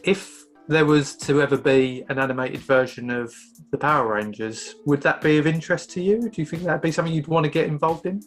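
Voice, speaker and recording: A man's voice: fairly high pitch, steady tone, a little fast, soft background music. A man with an English accent hosting an interview, asking long, rambling questions with repeated words. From East Anglia, England. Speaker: podcast host. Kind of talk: casual interview chat.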